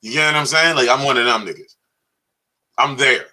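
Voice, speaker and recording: Man, bright forceful voice, mid pitch, profane animated storytelling, podcast co-host. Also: brisk. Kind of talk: casual comedic banter.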